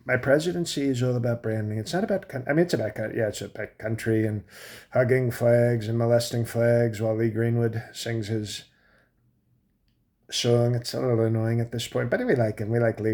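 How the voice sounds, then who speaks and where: A boastful, self-admiring president in his late seventies, as a man puts him on for a comedy monologue. He rambles from one thought to the next and cuts himself off mid-sentence, all at a mid-range pitch. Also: darkish tone, natural voice. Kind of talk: comic impression monologue.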